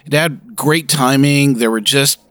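A man's voice: mid-range voice, measured pace, fairly bright tone, no echo. Enthusiastic man, dry close sound. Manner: enthusiastic, rambling with fillers. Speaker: podcast co-host. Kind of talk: casual podcast chat.

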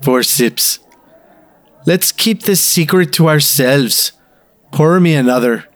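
A man putting on a slow Scottish whisky judge. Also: a little high, no room sound. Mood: mock-serious. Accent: put-on Scottish. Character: gruff Scottish man Angus rating whisky. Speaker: co-host.

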